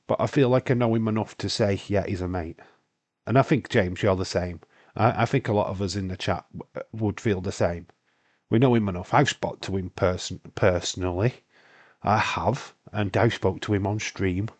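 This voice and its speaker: Scottish man, young adult, low-pitched, stuffy nose, rambling sweary live-stream chat. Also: lively intonation, moderate pace, darkish tone. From Britain. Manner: rambling, sweary, laughs often. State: congested from hay fever. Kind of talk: casual live-stream watch-along chat.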